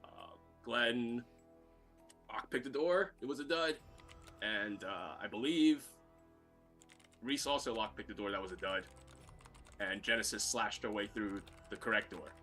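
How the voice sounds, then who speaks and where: A man recaps the last tabletop game session, stopping often with filler sounds. His voice is a little low and sharply bright, with faint music behind. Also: expressive. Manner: halting, full of "uh" fillers. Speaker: player.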